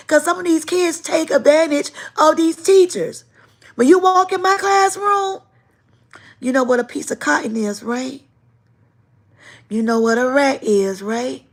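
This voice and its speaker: A woman hosting a casual livestream, telling stories in an emphatic, repetitive way. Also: sits high. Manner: animated, emphatic storytelling with repetition. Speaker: livestream host and teacher.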